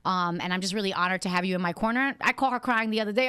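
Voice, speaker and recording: A woman's voice: medium pitch, very fast, few pauses, pushed and bright, clear, resonant tone, dry recording. Playful woman podcast host, dry sound. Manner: playful, rambling, self-mocking asides. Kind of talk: casual chat.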